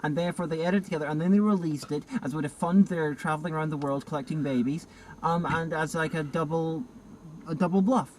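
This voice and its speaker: A man's voice: on the high side, steady tone, quick pace, a little mellow, a little hiss or hum, rough recording. A man hosting a casual film review chat, riffing in a rambling, sardonic way. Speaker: host film critic.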